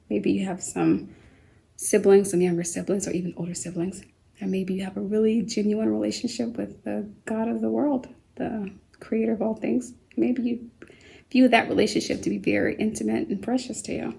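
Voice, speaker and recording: A woman teaching a kindergarten vocabulary lesson at home, speaking slowly and patiently, spelling words out letter by letter and asking the children gentle questions. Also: a little high, gravelly, low-quality recording. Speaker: homeschool teacher.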